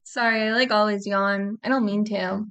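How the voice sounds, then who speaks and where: Woman co-host with a gravelly voice. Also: mid-range voice, normal speed, over music. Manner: relaxed, brief replies. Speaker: reaction co-host. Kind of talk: casual chat.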